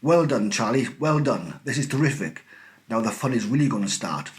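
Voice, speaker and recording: A man voicing a cheerful, eccentric factory owner who talks in brisk, gleeful exclamations. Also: mid-range voice, expressive, natural voice. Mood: delighted.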